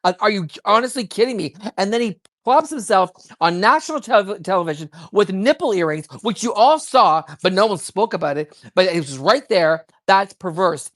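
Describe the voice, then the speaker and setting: A woman giving heated, rapid political commentary, worked up and emphatic, with frequent restarts. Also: medium pitch, expressive. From child of immigrants.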